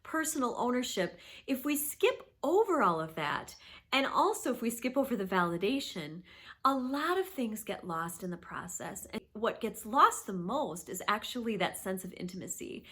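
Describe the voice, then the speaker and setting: A woman in her thirties, a therapist and host, explaining conflict and apology in an earnest, emphatic talk that sometimes drops to a soft whisper. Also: a little high, sing-song, moderate pace. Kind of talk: warm instructional talk to camera.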